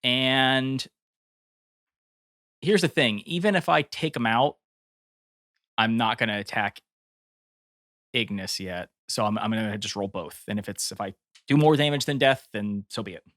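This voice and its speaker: A man playing a tabletop game, talking through his dice rolls and attacks in lively banter. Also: medium pitch, a little slow, pauses often, no room sound, clean studio sound. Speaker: player.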